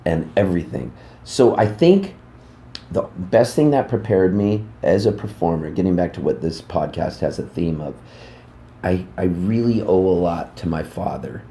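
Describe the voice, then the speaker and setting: Deep-voiced man telling rambling stories. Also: moderate pace, roomy sound, slight background noise. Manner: rambling, animated anecdotes. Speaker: musician guest. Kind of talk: casual interview storytelling. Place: backstage room at a music club.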